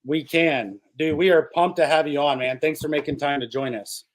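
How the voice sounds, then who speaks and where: Male host, upbeat and jokey, a touch higher voice than usual. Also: normal speed, rough recording. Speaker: podcast host. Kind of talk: casual podcast chat.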